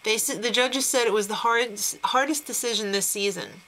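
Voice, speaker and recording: A woman's voice: on the high side, normal speed, bright, forceful tone, rough recording. A woman hosting a casual TV recap show, chatty and opinionated, laughing between remarks.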